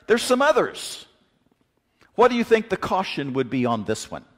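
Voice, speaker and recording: A man preaching a sermon in a folksy, joking, animated way, mixing stories with scripture. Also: sits high, moderate pace. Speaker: pastor. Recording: long hall reverb.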